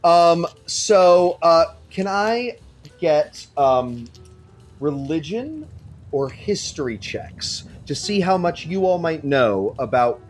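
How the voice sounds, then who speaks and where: Animated man running a tabletop game. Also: on the high side, slow, faint music behind. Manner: animated, casual, swears freely. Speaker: game master.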